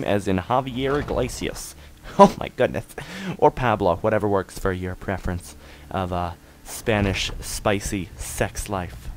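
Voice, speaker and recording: A young man narrating his own gameplay, goofy and excitable, swearing and joking with his viewers. His voice sits a little low. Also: a little slow, a little hiss or hum. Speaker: let's play host. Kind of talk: gameplay commentary.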